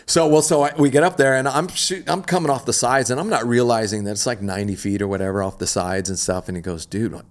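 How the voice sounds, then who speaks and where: A middle-aged man, an extreme athlete guest, telling a story in an animated, slangy, laid-back way. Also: mid-range voice, quick pace, few pauses. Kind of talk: casual storytelling interview.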